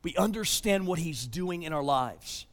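A man preaching a sermon as pastor, emphatic, swinging between loud urgency and hushed tones, sometimes repeating words as he restarts. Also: fairly high pitch, lively intonation, measured pace, in a large hall.

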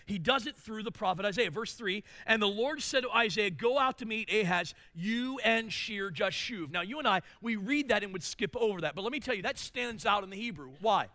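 A male pastor preaching a sermon, swinging between loud emphatic declarations and hushed asides. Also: sits high, no room sound.

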